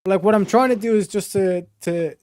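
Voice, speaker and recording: A man hosting a casual political chat stream, animated and profane, full of fillers. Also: high voice, moderate pace, a little hiss or hum. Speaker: streamer host.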